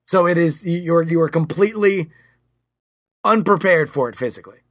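A man's voice: fairly high pitch, lively intonation, moderate pace, a bit bright, no echo, studio quality. A man co-hosting a podcast, laying out playful hypothetical scenarios in casual comedic chat. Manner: playful, teasing, sets up scenarios. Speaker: podcast co-host.

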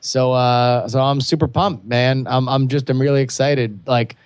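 A young adult man co-hosting a podcast, chatting casually and excitedly with many restarts. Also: mid-range voice, normal speed, clean tone, no room sound, studio quality. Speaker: podcast co-host. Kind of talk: casual chat.

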